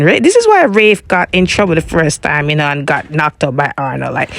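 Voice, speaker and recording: A woman talks through a TV episode in a loose, rambling recap, stopping often to say "you know". Her voice has a gravelly fry. The sound is dry and close, with no room around it. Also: low-pitched, animated, a little fast, hardly any pauses, no room sound. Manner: rambling, fills with "you know" while retelling scenes. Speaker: soap opera recap vlogger.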